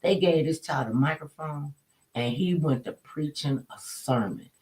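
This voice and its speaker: Woman storyteller, casual and colloquial, animated, acts out her quotes. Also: deep voice, measured pace, rough recording.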